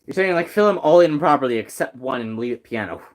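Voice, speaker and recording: A man's voice: medium pitch, animated, quick pace. A young man in casual chat with friends, teasing them in a mock-teacherly way.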